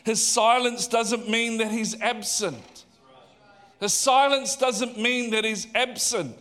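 A male pastor delivering a sermon with a high voice. He talks animatedly and conversationally, putting questions to the congregation. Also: fairly even intonation, slow pace, a bit bright.

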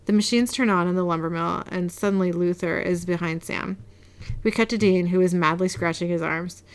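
A woman's voice: fairly low pitch, a little fast, clean tone. A woman casually retelling a TV episode as a podcast host, reading the dialogue out plainly. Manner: chatty, reads out dialogue plainly.

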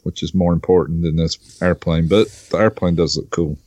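A man's voice: deep voice, fairly even intonation, fairly quick, a little mellow, dry recording. A man co-hosting a casual podcast, making short, laid-back remarks. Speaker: podcast co-host. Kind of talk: casual chat. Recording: dull, slightly lo-fi sound.

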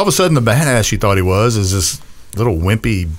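A man, talking on a casual radio show. His voice sits low, but his pitch swings widely as he jokes and laughs his way through stories. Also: brisk. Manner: animated, jokey, laughs often. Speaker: real estate agent and co-host.

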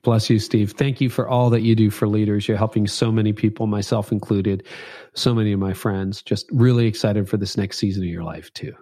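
A male author guest talks in a reflective, heartfelt way. His voice is low and mellow, and it is recorded dry and close. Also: steady tone, fairly quick, no echo. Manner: reflective, heartfelt, repetitive emphasis. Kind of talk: interview conversation.

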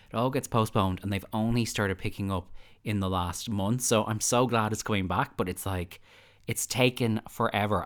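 A man co-hosting a podcast, telling stories in an animated, casual way. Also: on the low side. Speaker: podcast co-host. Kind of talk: casual chat.

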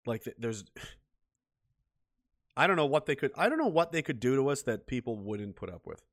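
A man with a medium-pitched voice and wide swings in pitch rants at a moderate pace. He's a vlogger delivering a bitter, heated solo monologue, profane and repetitive, circling back over the same points.

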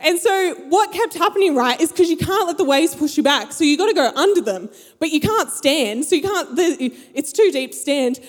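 Animated young woman telling stories. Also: high voice, moderate pace, hardly any pauses. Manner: animated storyteller who acts out her friends' voices. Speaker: speaker. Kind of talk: storytelling talk to a live audience. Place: large hall with an audience. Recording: long hall reverb.

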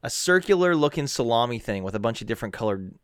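Co-host type, smooth clear male voice, dry close sound, jokey storyteller who swears, a bit unwell. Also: mid-range voice, very animated, fast, dry recording. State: feeling unwell. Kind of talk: casual chat.

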